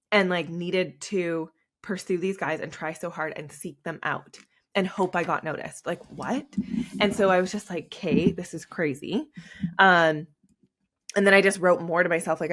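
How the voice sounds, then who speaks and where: Young woman host, low voice, rambling confessional podcast talk, tearful. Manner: candid and emotional, rambling with many fillers.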